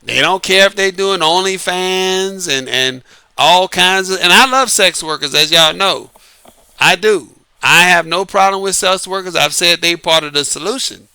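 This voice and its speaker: Bright-voiced man ranting with laughter. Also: sits high, normal speed, clean tone, no echo. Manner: laughs often, uses Southern-flavored slang. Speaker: online commentary host. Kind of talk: casual monologue to viewers.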